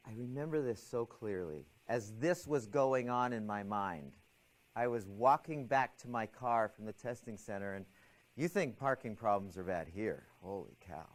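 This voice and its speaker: Leading a class on managing stress, this middle-aged man recounts something from his own life with lively expression and plenty of false starts. His voice is on the low side.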